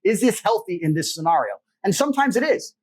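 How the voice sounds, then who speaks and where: Fast-talking husky man, blunt. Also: high-pitched, sing-song. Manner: blunt, profane, forceful. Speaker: interview guest. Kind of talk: emphatic motivational talk.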